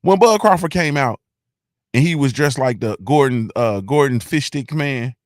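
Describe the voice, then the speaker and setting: A man hosting a boxing fan show in casual, slangy talk, excited and repeating himself as he goes. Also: mid-range voice, moderate pace, no room sound, clean studio sound.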